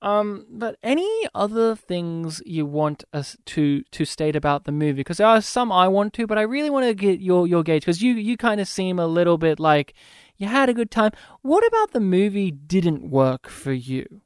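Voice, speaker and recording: A man's voice: high voice, sing-song, moderate pace, smooth, dry recording, studio quality. A man hosting a casual movie review chat, enthusiastic and rambling. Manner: enthusiastic, rambling, quotes lines in funny voices. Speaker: podcast host.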